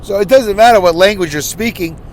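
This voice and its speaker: A man hosting a podcast, rambling through a casual, animated monologue and slipping into quick impressions. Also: sits high, slight background noise. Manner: animated, rambling storyteller who slips into impressions. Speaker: podcast host.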